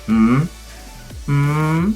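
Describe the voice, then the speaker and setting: A man's voice: fairly high pitch, drawn-out words, a little mellow, faint music behind. A man with a Welsh accent casting an online fighting game tournament from home, chatting playfully and hyping up the viewers. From South Wales. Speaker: tournament caster. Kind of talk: casual live stream commentary. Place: home, indoors.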